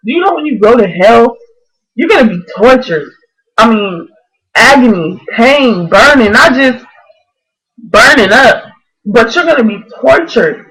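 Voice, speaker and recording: A woman's voice: a little high, animated, measured pace, long pauses, a bit bright, slightly rough, rough recording. A woman in her twenties preaching to camera in an earnest, fervent video blog. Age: 20s. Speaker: vlogger.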